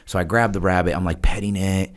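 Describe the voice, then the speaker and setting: Deep-voiced man telling an animated story. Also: fast talker. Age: adult with a wife, past childhood. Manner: animated storyteller, laughs often, acts out quotes. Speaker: podcast guest. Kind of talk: casual storytelling interview.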